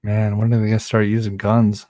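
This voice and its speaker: A man's voice: fairly low pitch, completely flat delivery, a little fast, warm tone, no room sound, studio quality. A man co-hosting a podcast, giving short, easygoing replies in casual chat. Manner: easygoing, brief replies and laughs. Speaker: podcast co-host.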